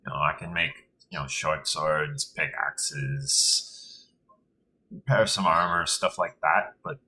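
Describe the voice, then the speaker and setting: A man puts on a dwarf blacksmith for a tabletop game, his voice dropped well below its usual pitch and unhurried. The smith hesitates and stumbles over his words, a humble forge worker rather than a master. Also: sharp tone, a little hiss or hum, exaggerated voice, poor audio. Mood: hesitant. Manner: hesitant, halting, full of ums.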